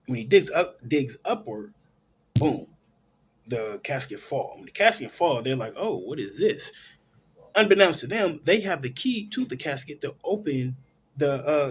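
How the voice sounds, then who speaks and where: Husky man casually recapping a movie. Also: mid-range voice. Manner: rambling storyteller, loose with fillers and restarts. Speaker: film review host.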